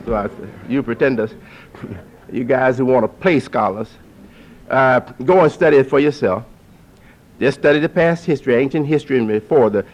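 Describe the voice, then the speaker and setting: A man preaching to an audience, who repeats phrases for emphasis and climbs to forceful peaks. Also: medium pitch. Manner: lively, rising to forceful peaks. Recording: dull lo-fi recording.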